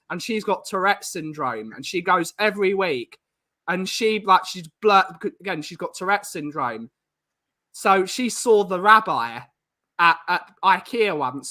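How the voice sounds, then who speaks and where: A man hosting a casual chat, telling jokey stories and reading out comments with quick restarts. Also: high voice, pushed and bright. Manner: fast, joking storyteller with restarts. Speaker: podcast host.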